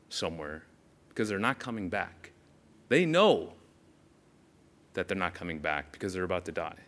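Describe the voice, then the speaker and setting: A man as an earnest, awestruck young disciple recounting what he saw, in a first-person sermon monologue. His voice sits at an ordinary pitch but swings widely and expressively as he tells it. He talks straight to the listeners, as if they were beside him on the road. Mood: sobering. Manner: animated storytelling, speaks straight to the listeners. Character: earnest young male follower of Jesus, awestruck. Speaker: preacher in character.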